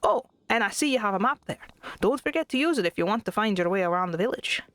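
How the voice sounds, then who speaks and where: A woman's voice: mid-range voice, animated, fast, a bit bright, dry recording, natural voice. A woman voicing a miserly old male Scottish duck tycoon, reading game dialogue aloud in an attempted brogue. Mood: pompous.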